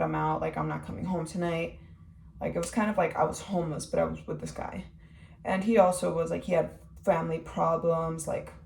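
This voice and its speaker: A young woman tells her own story in a loose, rambling way, leaning on "like" and "um". Her voice is on the low side with a gravelly edge. She sounds distant, in an echoey room with faint ambient noise. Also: a little mellow. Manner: rambling, heavy use of "like" and "um". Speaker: vlogger. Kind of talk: personal testimony.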